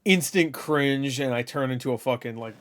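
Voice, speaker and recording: A man's voice: mid-range voice, moderate pace. A man hosting a reaction video, rambling and swearing as he comments on what he watches, laughing often. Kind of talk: casual commentary over a video.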